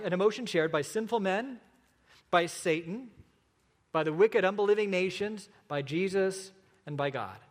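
Higher-voiced man preaching in a reverberant hall. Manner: earnest preaching with slow emphatic repetitions. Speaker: pastor. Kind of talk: sermon.

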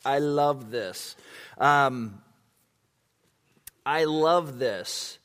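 A man's voice: mid-range voice, very slow. A man preaching a sermon and answering questions, talking casually with lots of fillers and acting out the quotes. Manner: conversational, animated, many fillers, acts out quotes. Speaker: pastor. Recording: long hall reverb.

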